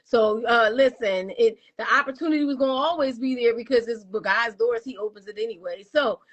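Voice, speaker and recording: A woman's voice: on the high side, brisk, dull audio. A woman hosting a casual interview, encouraging her guest and speaking of faith. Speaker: talk show host.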